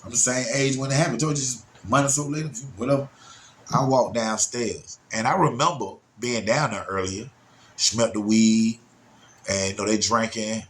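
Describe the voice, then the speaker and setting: Animated man telling a story. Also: slight background noise. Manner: animated, swinging pitch widely for emphasis; talks straight to listeners, often with "y'all" and "man". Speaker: storyteller recounting his childhood. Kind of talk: casual spoken storytelling.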